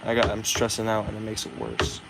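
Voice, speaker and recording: A man's voice: fairly low pitch, sing-song, a little fast, vocal fry, heavy background noise. Frustrated man vlogging at home. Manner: frustrated, swears often, talks to himself. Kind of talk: casual vlog.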